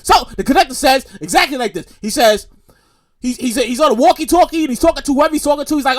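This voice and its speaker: A man hosting a podcast, telling a story in an animated, profane, repetitive rant. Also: very high-pitched, fast talker. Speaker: podcast host. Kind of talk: casual storytelling.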